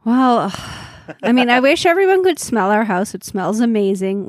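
A woman's voice: on the high side, very animated, normal speed, dry recording, studio quality. A woman co-hosting a podcast, chatting casually as she tastes food, laughing often and talking with her mouth full. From Canada. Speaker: podcast co-host. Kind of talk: casual food-tasting chat.

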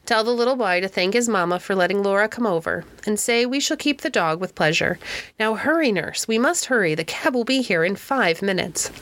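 A woman reading an old novel aloud, voicing a flustered, hurried rich lady. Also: mid-range voice, lively intonation, fairly bright tone. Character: excited rich lady alarmed by a dog.

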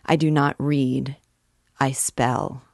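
A fiery, proud archdeacon holds forth in grand declaiming tones, as a woman reads him aloud. The voice sits low and moves slowly and deliberately, recorded close and dry with no room sound. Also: level tone, vocal fry, darkish tone, dry recording, full character voice. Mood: brooding. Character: fiery, proud male archdeacon alchemist, middle-aged.

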